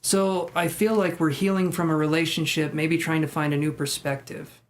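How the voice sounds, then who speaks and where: A man's voice: fairly high pitch, little pitch movement, normal speed. A man live-streaming tarot readings, chatting with viewers in a joking, self-deprecating way. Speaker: tarot reader.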